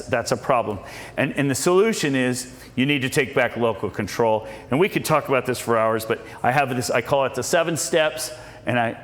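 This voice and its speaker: A man's voice: mid-range voice, a bit bright. A man giving a folksy, preacher-like storytelling speech at a political meeting, with many repeated starts. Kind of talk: storytelling speech to a live audience. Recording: echoey hall with long reverb.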